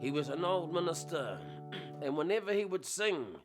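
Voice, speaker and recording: A man hosting a casual, playful monologue, rambling warmly between jokes and memories. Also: fairly high pitch, animated, moderate pace, music in the background. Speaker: host.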